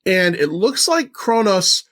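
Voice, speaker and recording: Male podcast co-host, slightly high pitch, casual questioner. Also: slow. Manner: questioning, relaxed, occasional swearing. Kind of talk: casual film discussion.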